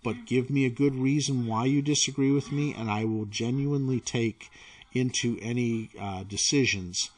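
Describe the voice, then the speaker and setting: A man voicing an earnest female colony mayor who pleads and persuades in a measured way. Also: mid-range voice, darkish tone, natural voice. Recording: voice from away from the mic.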